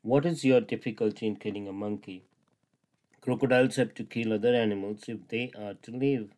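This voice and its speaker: A man's voice: lowish voice, a little fast, darkish tone, lightly acted. A man voicing a sly, demanding female crocodile wife, in plain, earnest storybook dialogue.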